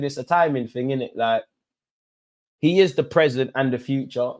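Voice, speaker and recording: A man's voice: medium pitch, a little fast. A young man running a live football watch-along, joking and ranting at players as the match unfolds. His talk is casual banter with slang, and he keeps calling out viewers in the chat between bits of play-by-play. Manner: animated, banter-filled, talks straight to players and chat.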